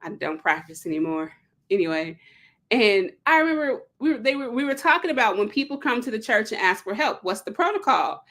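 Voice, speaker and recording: A woman hosting a live read-along, chatting casually and digressing, acting out quotes with big leaps in pitch. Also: sing-song, fairly quick, a bit bright. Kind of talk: casual livestream talk.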